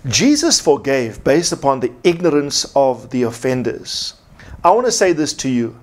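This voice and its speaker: A man's voice: medium pitch, sing-song, moderate pace. A man preaching a sermon as pastor, from South Africa, emphatic and repeating his key points.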